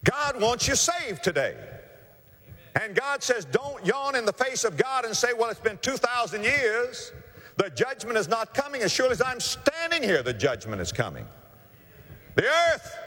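A man preaching with fervor. His pitch swings widely as he builds and drops. His voice rings through a hall with a long reverb. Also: expressive, a little slow, bright, forceful tone. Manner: impassioned, preacherly, acts out characters in a story. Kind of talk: evangelistic sermon with storytelling.

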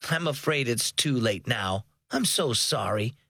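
A man reading a mother's lines in a children's story, husky and soft, pleading a little. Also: extremely low pitch, expressive, unhurried, dry recording, clean studio sound, exaggerated voice. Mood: apologetic. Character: caring mother, gentle and apologetic.

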